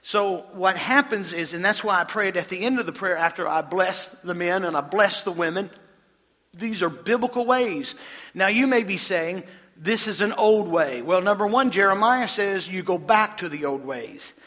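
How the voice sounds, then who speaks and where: A man's voice: high-pitched, animated, normal speed, sharp tone, long reverb tail. A man preaching a sermon as pastor, quizzing the congregation and reading scripture aloud. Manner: preaching, addressing congregation with questions.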